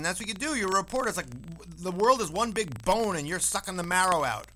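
A man's voice: sits high, animated, fast talker, bright, forceful tone, a little hiss or hum, low-quality recording. A man hosting a talk radio show, teasing guests and steering the segment in a joking manner.

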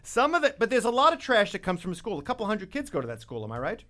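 A man's voice: high voice, wildly swooping pitch, fast, fairly bright tone. A man hosting a talk show, wisecracking and rambling through jokes and restarts. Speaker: radio show host. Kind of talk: jokey talk-show banter.

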